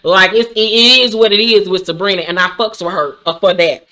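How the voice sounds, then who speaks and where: A woman hosting a casual, profane recap of a reality show, talking in a sassy, blunt and animated way with sudden shrieking outbursts. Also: medium pitch, brisk.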